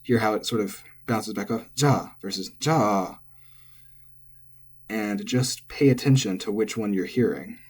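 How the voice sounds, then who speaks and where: Male language tutor, low husky voice, offhand self-correcting lecture. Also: moderate pace, hardly any pauses. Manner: relaxed, thinking aloud, self-correcting. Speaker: language teacher. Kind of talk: casual lecture on pitch accent.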